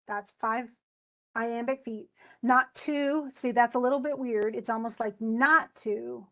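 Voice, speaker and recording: A woman's voice: fairly high pitch, fairly even intonation, measured pace, a bit bright. A woman teacher giving a casual, chatty lecture, often restarting and correcting herself as she explains. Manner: chatty, self-correcting, enthusiastic.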